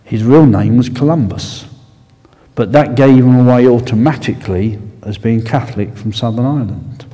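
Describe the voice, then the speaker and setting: Preacher, male, Essex accent, mellow low-key sermon delivery, long hall reverb. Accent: Essex English. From Essex, England. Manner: unhurried, conversational, with fillers and asides. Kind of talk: sermon with prayer.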